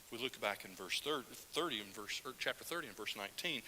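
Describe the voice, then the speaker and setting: A man's voice: medium pitch, animated, quick pace, hardly any pauses, sharp tone. A man preaching a Sunday sermon, reading scripture aloud with strong feeling and asking the listeners questions. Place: church sanctuary. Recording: roomy church hall with faint hiss.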